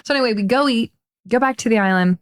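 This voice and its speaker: A woman guest on a podcast, telling a personal story in lively, casual conversation and laughing often. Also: a little high, fast talker.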